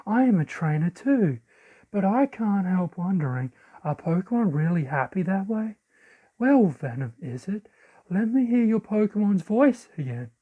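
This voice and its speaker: A man voicing a quiet, doubtful young male trainer in a soft, hushed voice. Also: high voice, sing-song, a little slow, exaggerated voice. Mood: musing. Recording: lo-fi audio.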